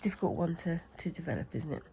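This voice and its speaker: A British craft vlogger with a cold talks to herself while she works, rambling casually through a craft demonstration. She has a deep voice, animated and fast, in a low-quality recording.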